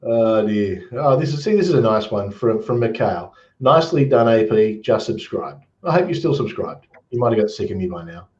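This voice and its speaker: A man's voice: lowish voice, animated, normal speed, few pauses, a little mellow. An Australian man hosting a casual chat, reading comments aloud in a rambling, good-humored way. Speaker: host. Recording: roomy, dull lo-fi sound.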